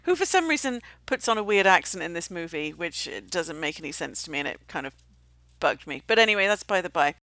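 A British woman in easy conversation, her voice bright and forward, recorded close and dry with no room sound. She tells stories with animation and slips into quick voices for the people in them. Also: on the low side, no room sound. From Britain. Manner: animated storyteller, does voices in quotes. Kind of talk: casual chat.

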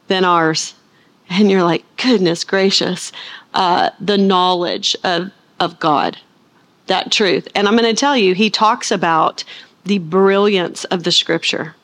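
A middle-aged woman from the United States, a Bible teacher chatting to her audience before the sermon, rambling and animated with playful asides. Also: mid-range voice, slow pace.

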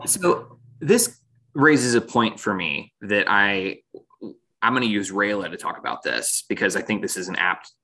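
A man's voice: on the low side, very animated, a little slow, pushed and bright. A man co-hosting a casual discussion of a cartoon series, thinking aloud and laughing often. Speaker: podcast co-host.

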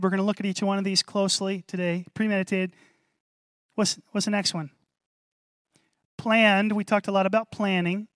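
Male pastor, sermon, high voice, dry, animated, repeats phrases. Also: no room sound. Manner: animated preaching with call-and-response; repeats key phrases for emphasis.

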